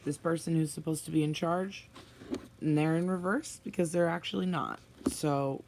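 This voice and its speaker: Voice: mid-range voice, fairly even intonation, normal speed, creaky, background noise. A tarot reader giving a spoken reading to viewers, blunt and emphatic, often sighing and sympathetic.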